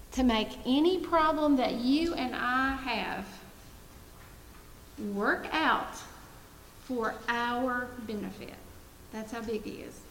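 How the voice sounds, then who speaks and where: A woman's voice: on the high side, fairly bright tone, slight background noise. A middle-aged woman giving an earnest devotional talk and prayer to a women's gathering, swelling her emphasis on key phrases. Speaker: women's ministry speaker. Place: room with women listeners. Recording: echoey hall, faint ambience.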